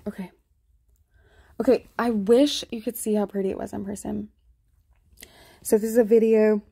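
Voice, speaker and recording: A woman's voice: mid-range voice, steady tone, normal speed, gravelly, warm tone, slightly rough. A woman talking casually to her viewers as a spiritual vlogger, giggling often and trailing off mid-thought while walking through her pictures. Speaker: spiritual vlogger showing sky photos. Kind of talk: casual rambling commentary.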